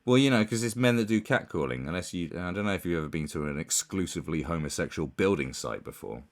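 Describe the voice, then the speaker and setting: A man's voice: low-pitched, lively intonation, fast talker. A man giving casual commentary, rambling and scornful, with many fillers and restarts. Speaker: commentary YouTuber.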